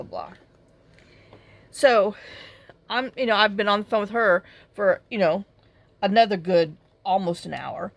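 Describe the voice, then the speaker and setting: Gravelly-voiced woman rambling while crafting. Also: medium pitch, slight background noise. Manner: rambling storyteller with lots of fillers and "blah, blah". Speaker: craft vlogger. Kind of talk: casual chat while crafting.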